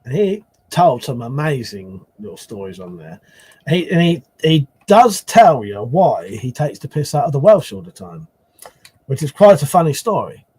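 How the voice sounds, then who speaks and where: A man's voice: mid-range voice, big pitch swings, moderate pace, warm tone, slightly rough. A man hosting a casual live stream, rambling and swearing as he answers chat.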